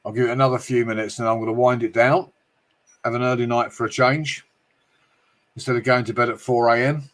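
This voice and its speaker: Casting: middle-aged British male streamer, jokey and sweary, chatting to viewers, mid-pitched voice. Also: steady tone, a little fast. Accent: British English. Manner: jokey, swearing, frequent laughs. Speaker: livestream host reading chat. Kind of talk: casual livestream chat.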